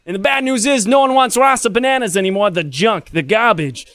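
A man putting on a loud New Jersey accent to play a pushy male boardwalk barker pulling people to a booth. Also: high-pitched, fairly quick, dry recording, clean studio sound, voice pushed up. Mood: brash. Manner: brash, pushy sales patter.

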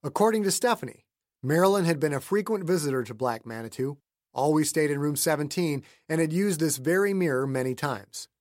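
A man reads a novel aloud in an even, measured way. His voice sits a little high for a man. The recording is dry and close, with no room echo. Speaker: audiobook narrator. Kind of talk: scripted narration.

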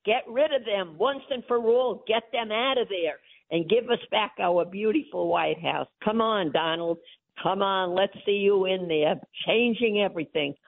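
A woman's voice: mid-range voice, normal speed, creaky, no room sound. An older woman, calling in as the host's mother, talking in an effusive, emotional and pleading way. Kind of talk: phone-in chat. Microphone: phone. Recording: tinny phone line.

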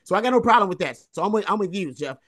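A man's voice: high-pitched, expressive, very fast, a bit bright. A man co-hosting a sports podcast, analyzing a football game in casual talk and stressing points by repeating phrases. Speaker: co-host.

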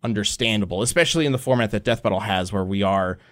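A man's voice: on the low side, fast, fairly bright tone. A man hosting a podcast in casual chat, rambling with many fillers and casual swearing. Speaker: podcast host.

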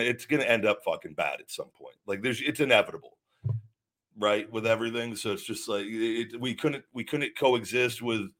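Man, lowish voice, angry podcast rant, constant profanity, repeated false starts. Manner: profane, heated, stumbling restarts. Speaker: podcast host. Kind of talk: livestream rant.

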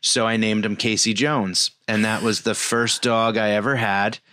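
A man in his forties with a fairly low, fairly even voice co-hosts a podcast at a moderate pace, sounding bright and forceful. The dry recording has clean studio sound. He's a rambling storyteller in casual chat who uses fillers constantly.

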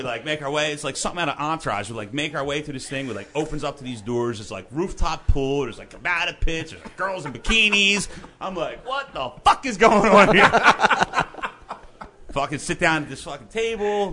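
A man on a podcast telling a rowdy, profane story in a casual chat, acting out what people said. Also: on the high side. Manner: animated, profane anecdotes with quoted voices. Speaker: podcast guest, band member.

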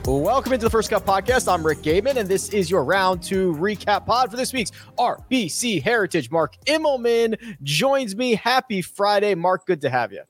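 High-voiced upbeat podcast host man. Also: lively intonation, normal speed, few pauses, soft background music. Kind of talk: casual golf podcast chat.

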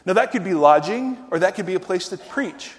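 A man's voice: high-pitched, animated, a little fast. A man preaching a sermon in a conversational way, often asking the audience questions and adding wry humor. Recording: long hall reverb.

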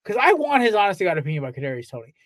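A man's voice: sits high, very animated, rapid-fire, fairly bright tone, no room sound. A man co-hosting a casual sports podcast, ranting in a fired-up way with heavy swearing. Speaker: podcast co-host.

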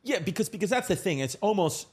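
A man's voice: high voice, very animated, fast, slightly rough. A man in his thirties hosting a casual comedy podcast, joking and exaggerating, swearing freely and talking over his guest. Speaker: podcast host.

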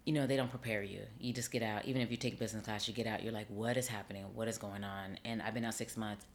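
A middle-aged woman, an actor and acting teacher, chatting in an interview and telling her story with lively acted-out dialogue. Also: a bass voice, fast, slight background noise. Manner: animated storyteller, acts out quoted dialogue. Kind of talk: casual interview chat.

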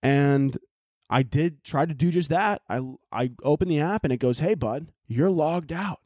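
A man's voice: fairly high pitch, unhurried, a little mellow, no room sound, clean studio sound. Young man ranting profanely on his podcast. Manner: profane, exasperated, rambling. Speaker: podcast host. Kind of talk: solo podcast rant. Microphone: laptop and camera audio.

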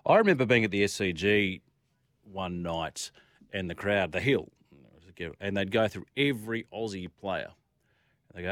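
A man's voice: fairly low pitch, moderate pace, fairly bright tone, no echo. A man hosting talkback radio, reading out listener texts and chatting about sport in a loose, playful way. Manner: chatty, reads listener texts aloud, playful crowd chants. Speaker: radio host. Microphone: studio microphone.

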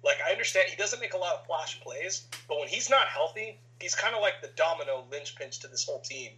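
Male podcast host, bright tone, argumentative, pushes back hard. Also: fairly high pitch, animated, a little fast, dull audio, slight background noise. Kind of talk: casual sports debate.

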